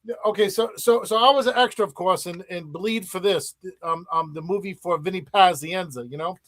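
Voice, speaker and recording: A man hosting a casual podcast, halting and stumbling over repeated words as he leads the talk. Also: high-pitched, a bit bright, dry recording. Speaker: podcast host.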